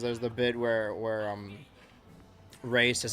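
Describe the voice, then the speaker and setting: A man's voice: medium pitch, little pitch movement, takes it slowly, long pauses, fairly bright tone, faint music behind. Joking man doing gaming commentary. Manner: rambling, joking, sarcastic asides. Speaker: gaming channel host. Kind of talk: let's play commentary.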